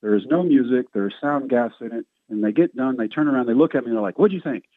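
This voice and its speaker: A middle-aged man, a guest on a radio show, telling stories in a lively, self-mocking way and acting out the voices of the people in them. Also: medium pitch, quick pace, no room sound. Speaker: guest, former baseball player. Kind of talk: storytelling interview. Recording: tinny phone line, dry.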